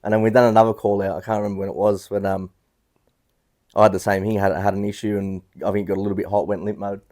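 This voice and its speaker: A man's voice: on the low side, little pitch movement, rapid-fire, darkish tone. A man, chatting casually as a podcast guest, rambling with frequent restarts. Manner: laid-back, rambling with many restarts. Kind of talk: casual chat.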